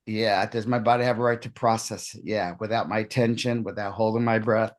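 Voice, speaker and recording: A man on an interview show, telling a personal story in a lively way and acting out the other people's lines. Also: fairly low pitch, fairly quick. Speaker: podcast guest, hypnotist.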